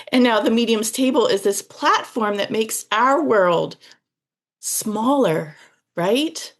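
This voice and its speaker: A woman guest speaking effusively in casual chat, heartfelt and quick to laugh. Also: a little high, lively intonation.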